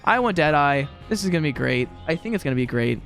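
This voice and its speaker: A young man chats his way through a game from his room at home, rambling and poking fun at himself. His voice sits a little high and swings around lively. Faint music plays underneath. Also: fast, gravelly. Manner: rambling, chatty, self-deprecating. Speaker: gaming commentator. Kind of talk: casual gameplay commentary.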